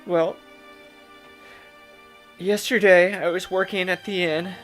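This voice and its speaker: A man's voice: high voice, steady tone, slow, a bit bright, faint music behind, voice pushed up. A man voicing a lovesick young innkeeper woman who rambles and gossips about a bad date. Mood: gossipy.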